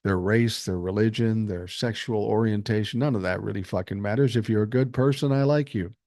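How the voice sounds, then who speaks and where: A man talks through a casual livestream, reading viewer comments aloud and answering them. His voice sits fairly low, and he speaks bluntly and reasonably, swearing freely. The sound is dry and close, with no room echo. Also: fairly quick, dark tone. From Minnesota, USA. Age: 60s. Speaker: podcast host reading live chat.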